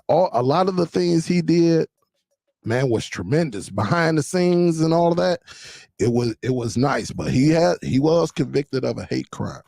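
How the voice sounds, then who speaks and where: A man's voice: medium pitch, vocal fry, a little mellow, no room sound. A man hosting a casual live-stream show, talking loosely to his viewers and laughing often.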